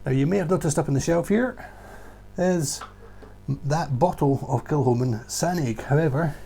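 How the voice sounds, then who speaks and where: A man's voice: fairly high pitch, normal speed, gravelly, warm tone, breathy edge. A man working as a whisky tour guide, talking through favourite whiskies in a casual, enthusiastic and emphatic vlog recorded indoors at home. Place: indoors at home beside a shelf.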